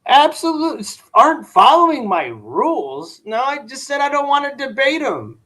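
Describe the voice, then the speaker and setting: A man's voice: extremely high pitch, very animated, normal speed, bright, forceful tone. A tired adult man hosting a livestream and talking casually with his chat. He uses a lot of slang, says "bro" often and waves off a troll. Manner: dismissive toward a chat troll. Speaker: livestream host.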